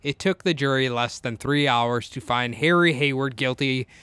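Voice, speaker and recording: A man's voice: medium pitch, moderate pace, pushed and bright, clean tone, no room sound. A man co-hosting a casual true-crime podcast, reading the case from his notes and laughing often. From Minnesota. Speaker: podcast co-host.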